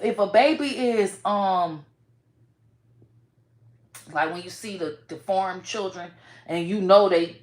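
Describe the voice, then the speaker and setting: A woman vlogger speaks straight to her viewers in a blunt, profane way, peppering her talk with "bro" and "y'all". Her voice sits at a middle pitch and swings between quiet and loud as she gets emotional. The sound bounces around an echoey room. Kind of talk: casual commentary to camera.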